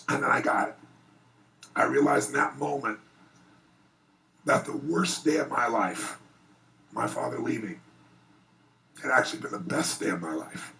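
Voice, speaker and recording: Gravelly man telling an earnest story. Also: medium pitch, moderate pace, long pauses, recorded from a distance, rough recording. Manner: earnest, animated, rising excitement in retellings. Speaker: motivational speaker. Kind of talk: emotional personal storytelling speech. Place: private event before an audience.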